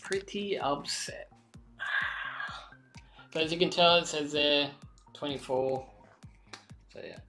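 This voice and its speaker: A woman vlogger with a low, deep-set speaking voice and a bright, forceful edge. She chats casually while opening card packs, cursing freely and jumping into sudden squeals when a good card turns up. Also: moderate pace, long pauses, faint music behind. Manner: excitable, swears freely, sudden high squeals. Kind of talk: casual unboxing chat.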